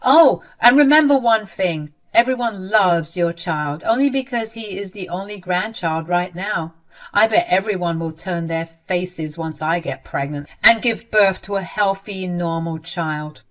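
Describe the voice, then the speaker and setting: A woman's voice: fairly low pitch, measured pace, natural voice. A woman voicing a cruel, bitter sister-in-law who talks in a sneering, cutting way. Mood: spiteful.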